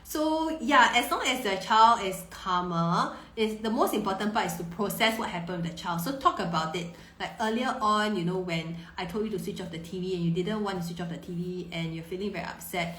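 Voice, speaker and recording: A woman in her thirties, a parenting coach answering viewer questions on a live stream, warm and reassuring, often repeating words as she thinks. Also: medium pitch, brisk, hardly any pauses, slight background noise. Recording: roomy echo.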